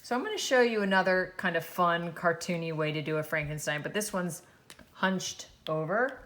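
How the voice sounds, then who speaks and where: Female art teacher for a kids' drawing lesson, slightly low voice, gentle and encouraging as she draws. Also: moderate pace.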